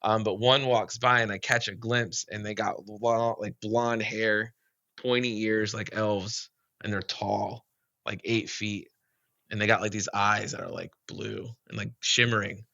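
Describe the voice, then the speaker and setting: A man's voice: fairly low pitch, fairly even intonation, unhurried, gravelly, sharp tone, no echo, muffled recording. A man who is a podcast guest, telling a long story in a casual, rambling way, full of "like" and "you know".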